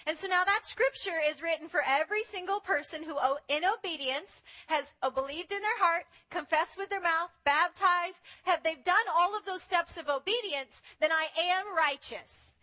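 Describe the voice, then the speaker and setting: A woman preaching a sermon in an animated way, acting out the voices she quotes. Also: extremely high pitch, normal speed, few pauses.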